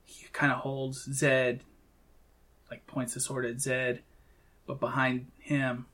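Male co-host, mid-pitch, chatty recapper who acts out quoted lines. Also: completely flat delivery, sharp tone. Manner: retells scenes with quick quoted lines. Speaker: podcast co-host. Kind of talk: casual chat recapping a film.

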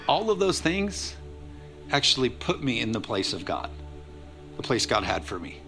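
A male pastor preaches a sermon to a church congregation in an energetic, conversational way, dropping in playful asides. His voice is mid-range at a moderate pace, with faint music behind him.

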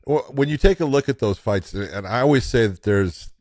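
A man's voice: mid-range voice, animated, normal speed, a little mellow, no room sound. A man co-hosting a podcast, explaining his view steadily and building it on analogies. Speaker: podcast co-host. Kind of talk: casual podcast conversation.

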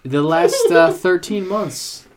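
A man's voice: high-pitched, huge pitch swings, takes it slowly, darkish tone. A man in his thirties hosting a casual podcast chat over drinks, joking and crude as he steers the talk. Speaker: podcast host.

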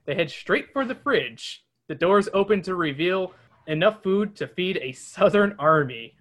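A podcast host reading a storybook aloud between jokes with friends. The voice swings around with lively pitch. The delivery stays casual and playful. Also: measured pace. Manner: lively, laughing narration. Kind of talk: casual book reading with chat.

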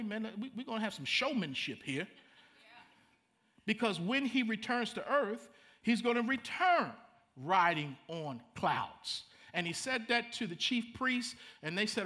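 Animated, bright-voiced preacher man. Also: sits high. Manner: animated preaching, reads scripture and comments with dramatic emphasis. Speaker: pastor. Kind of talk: sermon.

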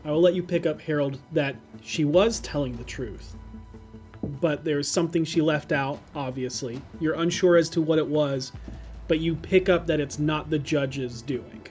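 A man's voice: a little high, moderate pace, darkish tone, faint music behind. A man at a tabletop game, explaining things in an easygoing, slightly hesitant way. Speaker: player. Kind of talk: casual tabletop game chat.

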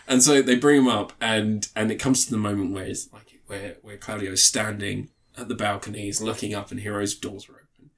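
A man's voice: fairly low pitch, steady tone, fairly quick, hardly any pauses. A man co-hosting a podcast, telling a story in casual chat, laughing often and swearing freely. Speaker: podcast co-host.

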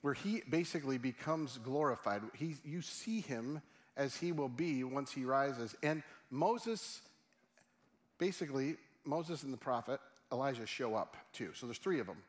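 A man's voice: medium pitch, animated, a little slow. A middle-aged man preaching a sermon in a humorous, conversational way, often asking his audience questions. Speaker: pastor.

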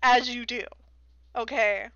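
A woman's voice: on the high side, fairly even intonation, takes it slowly, a bit bright, no echo, dull audio. A woman co-hosting a podcast, recapping a book in a giggly, rambling, sarcastic casual chat.

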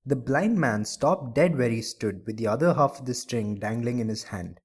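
A man's voice: mid-range voice, breathy edge. Male storyteller reading a tale aloud. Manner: measured, expressive reading.

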